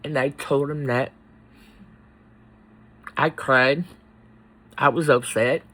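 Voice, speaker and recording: A man speaks slowly and haltingly, his voice sitting at an ordinary middle pitch. He searches for words, leaning on fillers and pauses as he opens up about something personal and heartfelt. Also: steady tone, bright, forceful tone. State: emotional, close to tears. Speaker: vlogger. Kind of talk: personal vlog confession.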